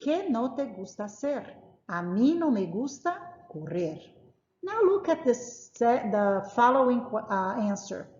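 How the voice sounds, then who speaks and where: A woman's voice: on the high side, sing-song, unhurried, a little mellow. A woman teacher walks through grammar examples with patient emphasis, repeating each point. Her voice rings in a roomy space with a long, hanging reverb. The sound is dull and lo-fi. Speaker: Spanish teacher. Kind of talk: classroom lesson explaining grammar.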